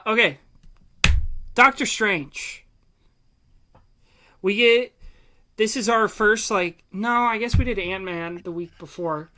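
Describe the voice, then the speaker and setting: A young man co-hosting a podcast, chatting casually and excitedly, rambling off on tangents with lots of fillers. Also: sits high. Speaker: podcast co-host. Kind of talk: casual chat.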